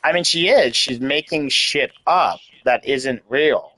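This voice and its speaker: A man's voice: medium pitch, lively intonation, unhurried, bright, forceful tone, rough recording. A man in his late thirties venting in casual chat, rambling and candid, with lots of "like" and swearing. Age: 30s. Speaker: host.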